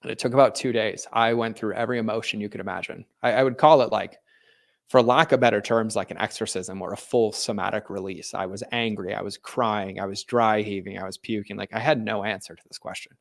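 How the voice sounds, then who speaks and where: Low flat-voiced man telling his story. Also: brisk, gravelly. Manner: earnest, frequent "like" fillers and restarts. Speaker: podcast guest, entrepreneur. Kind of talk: candid personal storytelling.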